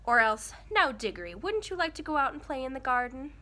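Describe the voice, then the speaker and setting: A woman's voice: high-pitched, sing-song, brisk, bright, forceful tone, voice pushed up, exaggerated voice. Woman doing a sulky, wound-up young boy.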